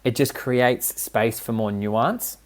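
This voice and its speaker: A man's voice: mid-range voice, slow. A man speaking as a relationship coach and podcast guest, earnest and explanatory, often checking in with his listener. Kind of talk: casual podcast conversation.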